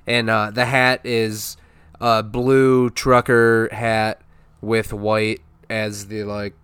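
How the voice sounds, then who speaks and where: A man's voice: on the low side, flat delivery, slow, fairly bright tone, smooth, no room sound. A man co-hosting a podcast, chatting casually about a cartoon episode in an easygoing way, full of fillers. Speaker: podcast co-host.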